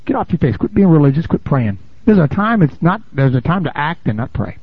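A man preaching with a husky, slightly breathy voice that sits a touch high and leaps around in pitch. He talks to his congregation in a lively, chatty way and asks "amen?" often. The recording is dull and lo-fi. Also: a little fast, few pauses, no echo. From United States. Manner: animated, conversational, laughs and asks "amen?". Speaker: pastor. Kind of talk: preaching a sermon.

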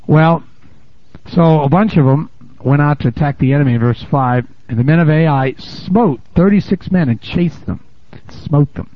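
A man preaching a sermon in a lively, conversational way, laughing and calling out "amen?" to the congregation, on a dull, lo-fi recording. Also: on the high side, moderate pace. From United States. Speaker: pastor.

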